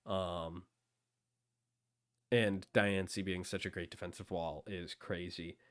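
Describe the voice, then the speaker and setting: Hesitant man with a smooth low voice. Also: fairly even intonation, takes it slowly, a bit bright, dry recording, clean studio sound. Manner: hesitant, many ums. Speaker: host. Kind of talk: casual discussion.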